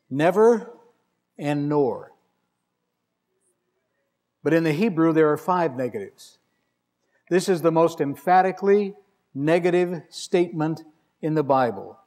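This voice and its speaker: A man's voice: a little high, measured pace, pauses often, darkish tone. A male preacher delivering a sermon, telling stories with dry humor and reading scripture with emphasis. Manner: wry, conversational storytelling with emphatic scripture reading.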